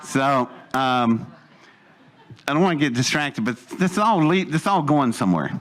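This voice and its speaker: A man's voice: mid-range voice, animated, moderate pace, a bit bright, a little hiss or hum. Rambling older man spinning a yarn. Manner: rambling, digressive, chuckling asides. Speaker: speaker telling a life story. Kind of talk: anecdotal storytelling to a live audience.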